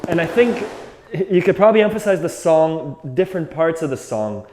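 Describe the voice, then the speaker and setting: Male accordion teacher, slightly high voice, casual and thinking aloud, in an echoey room. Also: big pitch swings, normal speed, over loud music. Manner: thinks aloud, loose and reflective. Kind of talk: casual music lesson. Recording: roomy echo, faint accordion.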